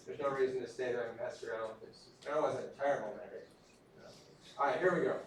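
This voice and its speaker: A man's voice: medium pitch, fairly even intonation, fast, a little hiss or hum. A man from Texas, lecturing a class in a casual, self-deprecating storytelling way. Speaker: instructor. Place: large echoey classroom. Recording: echoey classroom from far off.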